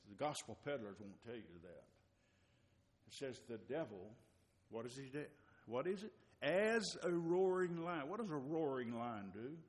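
Emphatic preacher in a reverberant church. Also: male voice, mid-range voice, lively intonation, moderate pace. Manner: emphatic, repetitive, rises to near-shouting for emphasis. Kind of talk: sermon. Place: church hall. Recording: long reverb of a church hall.

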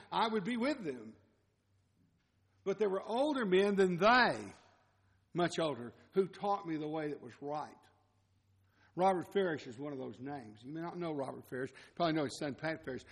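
A middle-aged man preaching a sermon, reading scripture aloud and then commenting in a conversational way, with quiet asides. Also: sits high, slightly rough, big-room sound.

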